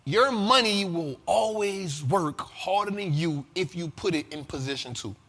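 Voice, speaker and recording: A man hosting an investing show, talking in animated, profane casual commentary and often asking if listeners follow him. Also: sits high, unhurried, big-room sound. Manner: animated and profane, keeps asking "you feel me?". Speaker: host of a money and investing show.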